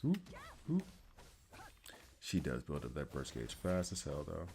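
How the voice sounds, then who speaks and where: A man's voice: very deep voice, wildly swooping pitch, unhurried, creaky, mellow, a little hiss or hum. A man with a Southern accent giving casual, rambling commentary while he plays a video game. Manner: rambling, self-deprecating, chatty. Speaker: gaming channel host.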